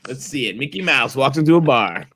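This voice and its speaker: A man's voice: medium pitch, expressive, pushed and bright, husky. A man leading an improv comedy game, upbeat, calling on players and laughing along. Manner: upbeat, quick cues and laughter.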